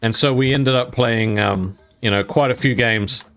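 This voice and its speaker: A man's voice: medium pitch, moderate pace, clean tone, faint music behind. A young man casually telling a jokey story, swearing now and then and acting out what people said. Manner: animated, jokey, swears casually, acts out quotes. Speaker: gaming YouTuber.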